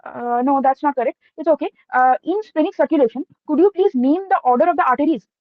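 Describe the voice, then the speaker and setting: A woman's voice: high voice, quick pace, no room sound. A young woman with an Indian accent asking quiz questions, patient and encouraging, repeating questions when needed, heard over a call. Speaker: quiz questioner, medical student. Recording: tinny dry call line.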